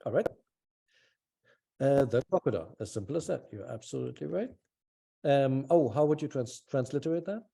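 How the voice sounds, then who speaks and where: Dark-voiced patient online teacher, man. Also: mid-range voice, lively intonation, normal speed, creaky, long pauses, husky. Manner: patient, encouraging, thinks aloud with fillers. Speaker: language teacher. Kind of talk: online class on a video call. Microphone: video call.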